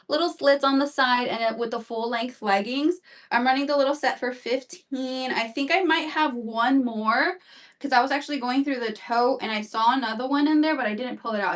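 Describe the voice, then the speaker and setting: A slightly breathless woman runs a live shopping stream, rambling through sizes and prices with lots of fillers. Her voice sits a little high and comes from a bit away from the mic. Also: far from the mic. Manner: chatty, rambling, fillers and repeats. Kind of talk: live-stream sales chat.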